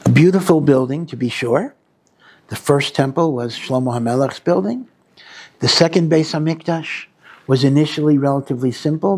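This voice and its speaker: A man, a rabbi, teaching a weekly Torah class in an earnest, unhurried way, using many Hebrew terms and leaning hard on his key lines. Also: mid-range voice, gravelly, darkish tone, breathy edge. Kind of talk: Torah lecture.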